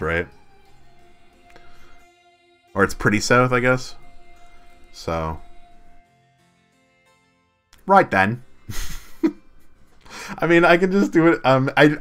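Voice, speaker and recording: A man's voice: lowish voice, a bit bright. A man chatting casually on a game live stream, laughing and self-deprecating, with lots of fillers.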